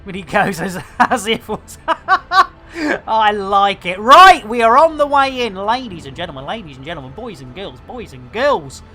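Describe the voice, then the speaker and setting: A middle-aged woman with a British English accent speaks a little slowly, her medium-pitched voice pushed and bright with big swings in pitch. Faint music plays behind her as she streams a game, joking with viewers in slangy live commentary.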